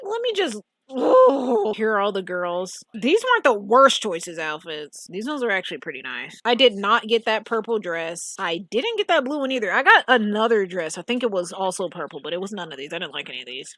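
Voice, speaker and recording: A woman's voice: mid-range voice, big pitch swings, fairly quick, a bit bright, no echo. Blunt woman ranting about a game. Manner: opinionated, blunt, exasperated. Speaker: game reviewer. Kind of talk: casual gameplay commentary.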